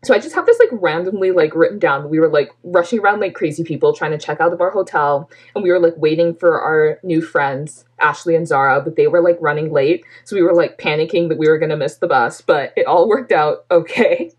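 Young woman, from Canada, casual chat, lots of "like", lowish voice. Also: fairly quick, hardly any pauses, slightly rough. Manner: chatty, lots of "like", laughs often.

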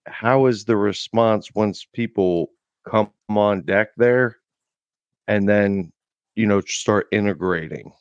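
Male veteran host, low smooth voice, thinks aloud, dry and slightly lo-fi. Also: takes it slowly, no echo. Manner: searching, thinks aloud while asking. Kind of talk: casual interview questions. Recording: slightly dull lo-fi recording.

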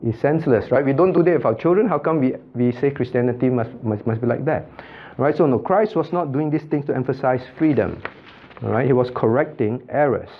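A male pastor teaching a Bible study, calling on students by name and repeating points with quick checks like "okay?" and "right?". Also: mid-range voice, lo-fi sound.

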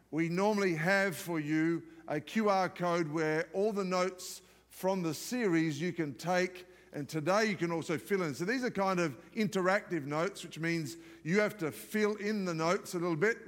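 A male pastor with a notably high voice gives a live sermon, talking to the congregation in a lively, conversational way and slipping in humorous asides. His voice rings out with the long reverb of a large church hall. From outside the United States.

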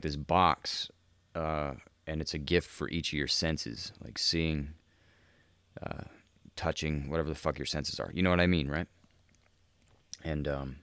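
A man's voice: very deep voice, fairly bright tone, clear, resonant tone, no room sound, clean studio sound. A young man hosting a podcast, telling a story in a loose, profane, laid-back way, full of "dude" and laughter. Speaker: podcast host. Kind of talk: casual podcast monologue.

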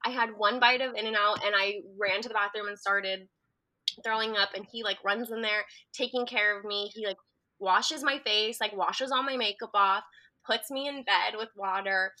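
A woman's voice: medium pitch, normal speed. A young woman telling a story in casual chat, laughing often as she talks. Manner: giggly, animated storyteller. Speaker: guest.

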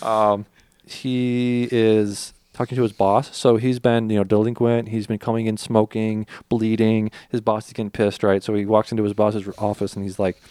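A man's voice: fairly low pitch, flat delivery, normal speed, darkish tone, smooth, dry recording. A man hosting a podcast, casually retelling movie scenes with crude humor and acted-out lines. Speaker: podcast host.

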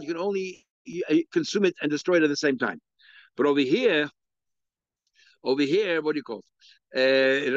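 A man's voice: medium pitch, no echo, dull audio. A man with a Yeshivish English accent giving a daily Talmud lecture, thinking aloud with many fillers and restarts. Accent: Yeshivish English, Hebrew and Aramaic terms mixed in. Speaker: Talmud teacher.

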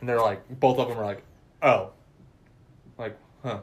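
A man's voice: medium pitch, steady tone, quick pace. A man on a podcast, casually recapping a horror comedy in a rambling, swearing way and putting on voices for the characters. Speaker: podcast co-host. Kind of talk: casual movie recap chat. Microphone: audio podcast mic.

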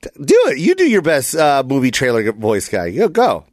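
A man's voice: mid-range voice, wildly swooping pitch, normal speed, a little mellow, no room sound. A man hosting a casual comedy podcast, playful and teasing, hamming things up with his friends on a studio mic. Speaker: podcast host.

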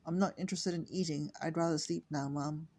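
A woman's voice: low-pitched, fairly even intonation, brisk, mellow, breathy edge. Older woman reading as a lonely upset young woman. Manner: tense, withdrawn.

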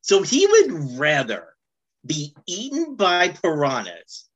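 Slow, lively, playful co-host. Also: mid-range voice. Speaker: podcast co-host. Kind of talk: casual chat about a cartoon.

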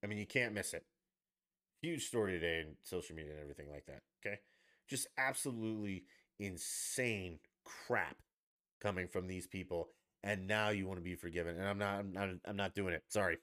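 A low-pitched man rants through a political podcast monologue. He talks bluntly and sarcastically and swears freely. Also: fairly quick, a bit bright. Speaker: podcast host. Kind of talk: angry political rant.

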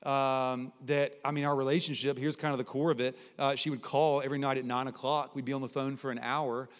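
A man preaching to a college crowd, telling lively conversational stories and dropping to soft, low tones for emphasis. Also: fairly quick. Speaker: guest preacher. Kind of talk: sermon with personal stories. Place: large hall at a college ministry gathering. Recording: long hall reverb.

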